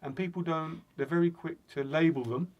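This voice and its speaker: A man's voice: a little high, steady tone, normal speed, muffled recording. A man co-hosting a casual podcast, a language teacher who explains at length and makes dry jokes. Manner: dry joking, rambling explanations. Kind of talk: casual chat.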